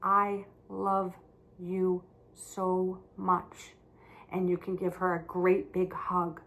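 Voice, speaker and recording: A woman teaching young children, speaking gently, with simple, repeated words. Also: lowish voice.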